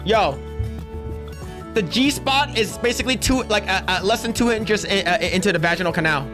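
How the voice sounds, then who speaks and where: A man hosting a casual livestream, reacting with loud exclamations and low mutters. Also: normal speed, music in the background. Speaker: streamer and podcast host.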